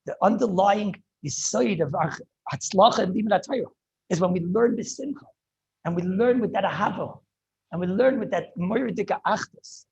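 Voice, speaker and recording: A man, a rabbi, giving an impassioned Torah lecture over a video call, often halting and repeating words as he searches for them. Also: sits high, vocal fry, a little mellow, slightly rough, muffled recording. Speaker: rabbi teaching a class.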